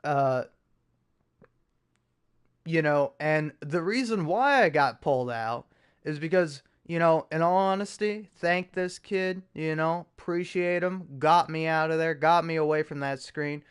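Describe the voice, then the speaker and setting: Profane rambling young man, smooth voice. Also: a little high, measured pace. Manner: rambling, profane, self-mocking storytelling with frequent restarts. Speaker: podcast host. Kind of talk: casual chat.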